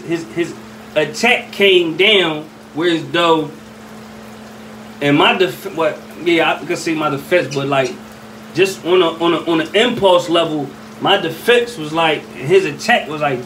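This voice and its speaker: Speaking unhurriedly in a fairly high, bright voice, a young Philly man casually spins a street story. His telling wanders, packed with slang and endless "you know what I mean," and the mic sits a bit far off, catching faint ambient noise.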